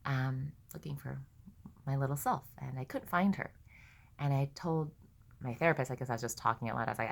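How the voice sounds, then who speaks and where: A young woman telling a candid personal story, halting at times and often acting out dialogue. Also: extremely low pitch, creaky. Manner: candid, halting, with many restarts and quoted dialogue. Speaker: vlogger.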